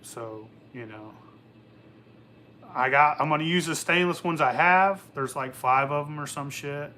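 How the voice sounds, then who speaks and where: Talking a little slowly in a fairly high, sharp-toned voice, the young host of a moonshine channel rambles through his casual workshop vlog. Profanity and frequent laughter fill his loose talk, over slight background noise.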